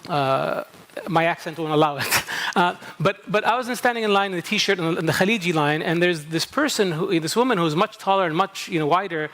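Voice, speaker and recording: Middle-aged kuwaiti guy, bit of a new england accent, highish voice, chatty conference talk. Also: a little fast, a bit bright. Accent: American-tinged English from New England camp. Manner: conversational, asks the audience "okay?" often, self-interrupting. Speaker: speaker introducing a panel. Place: conference hall.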